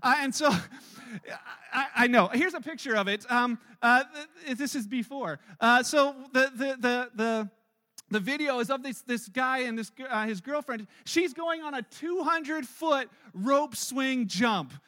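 A man's voice: extremely high pitch, unhurried. A middle-aged man preaching a sermon as pastor, telling stories and acting out the voices in them. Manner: storytelling, animated, acts out quotes with rising loudness.

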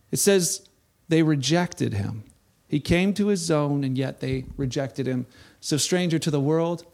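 A man preaching a sermon, telling the story in a casual, animated way and acting out the people in it. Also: fairly high pitch. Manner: animated storytelling, acts out quoted voices. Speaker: pastor.

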